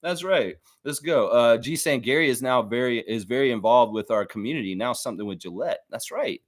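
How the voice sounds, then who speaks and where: A man's voice: mid-range voice, fairly quick. A man hosting a casual fan live stream, chatting in a rambling way and reading comments aloud. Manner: animated, rambling, reads chat comments aloud.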